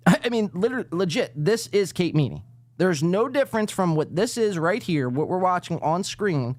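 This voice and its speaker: A podcast host rants profanely and sarcastically while reacting to clips in a casual live stream. His delivery is lively with a jumpy pitch, at a moderate pace, on a dry recording.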